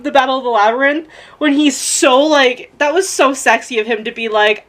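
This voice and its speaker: Her voice a little high and fairly bright, this young book vlogger speaks at a moderate pace with fairly even intonation. She rambles emotionally through a casual review, gushing, swearing, and filling gaps with fillers, nearly in tears and laughing through them.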